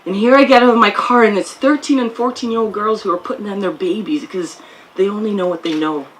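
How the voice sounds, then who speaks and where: A woman's voice: mid-range voice, fast, rough recording. A woman from Canada giving a heartfelt, storytelling speech at an outdoor field ceremony. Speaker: guest speaker.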